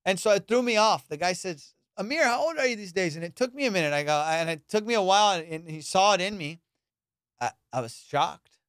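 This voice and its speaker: A young adult man hosting a comedy podcast, swearing freely as he rattles off a story. His voice sits fairly high and sounds smooth and resonant. The recording is close and dry, with no room sound. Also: fairly quick, dry recording. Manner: profane, animated, acts out quotes.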